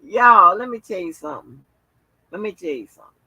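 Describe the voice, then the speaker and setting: Bright, brassy woman chatting on a livestream. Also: mid-range voice, animated, brisk, husky, dry recording, highs cut off. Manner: loose, profane, drawling with lots of fillers. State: tired. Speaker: livestream host. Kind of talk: casual livestream chat with viewers.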